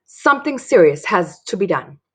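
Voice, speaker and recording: Woman doing a stubborn excited little girl, swoopy and a bit husky. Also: medium pitch, normal speed. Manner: excited, emphatic. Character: spirited young girl narrator, stubborn.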